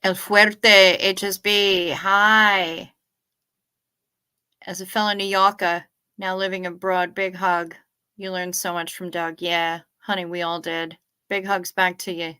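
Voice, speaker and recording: A woman's voice: fairly low pitch, flat delivery, takes it slowly, bright, forceful tone, clear, resonant tone. A woman in young adulthood hosting a casual late-night livestream, chatting, reading out viewer comments and swearing freely. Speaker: livestream host.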